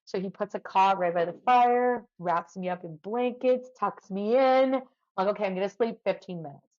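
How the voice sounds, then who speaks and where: A woman's voice: mid-range voice, moderate pace, a little mellow, dull audio. A woman from Canada, a podcast guest, tells a long story in a chatty way and fills her sentences with "like". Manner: chatty, lots of "like" fillers, vivid retelling. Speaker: podcast guest, firefighter and ultra runner. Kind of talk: animated storytelling in conversation.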